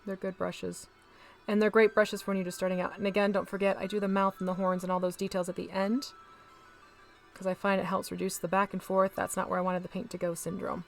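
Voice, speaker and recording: A woman's voice: medium pitch, little pitch movement, fairly quick, creaky, soft background music. A woman hosting a casual live stream, chatting to viewers as she paints miniatures and talks through each step.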